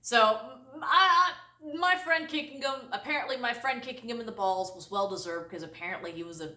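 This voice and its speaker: A woman vlogger telling a comic story to camera, exaggerated and animated, laughing often. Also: fairly high pitch, a little fast, echoey room, recorded from a distance. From United States.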